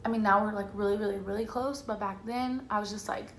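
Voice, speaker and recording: A woman's voice: medium pitch, brisk. A young woman vlogger telling a personal story to camera in a casual, chatty way, filling her talk with "like" and acting out quotes. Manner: chatty, says "like" a lot, quotes herself and family in lively voices. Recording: echoey room with faint ambient noise.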